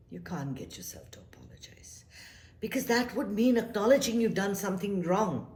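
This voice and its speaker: A woman giving life advice in a casual, reflective talk, animated and emphatic, repeating her points and dropping to a soft whisper for emphasis. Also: sits low, a little hiss or hum. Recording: echoey room.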